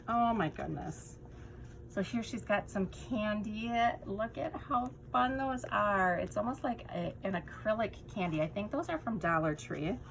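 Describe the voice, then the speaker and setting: A woman vlogger gushing her way through unboxing handmade craft swap items, often dropping to soft whispers. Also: fairly low pitch, a little hiss or hum, rough recording. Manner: gushing, breathless with delight, drops to soft whispers. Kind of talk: casual unboxing chat.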